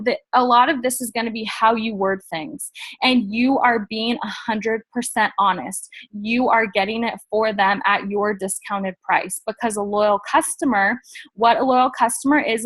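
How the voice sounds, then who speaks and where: A woman's voice: on the high side, fairly bright tone, no echo. Upbeat woman coaching new sellers. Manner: upbeat and emphatic, coaching the group directly. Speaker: sales trainer. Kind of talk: training talk to new distributors.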